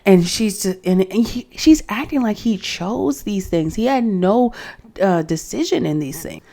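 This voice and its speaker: A woman's voice: animated, unhurried, vocal fry, dark tone. A woman giving a casual, sassy recap of a reality dating show, acting out quotes from the cast as she goes. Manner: sassy, acts out cast quotes with rising pitch.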